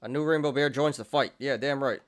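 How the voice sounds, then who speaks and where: Brief: young male host, casual market commentary, loose and chatty, laughs a lot, middle pitch. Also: brisk, heavy background noise. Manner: chatty, laughs often, many fillers and restarts. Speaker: stock and crypto show host.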